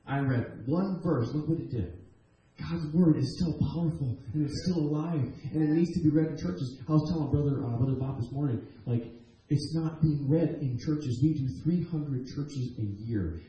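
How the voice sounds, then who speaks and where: A man's voice: fairly high pitch, normal speed, dark tone, highs cut off. A man preaching a testimony sermon, telling stories earnestly and animatedly, with frequent restarts. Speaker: guest preacher. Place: church sanctuary. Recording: echoey church hall.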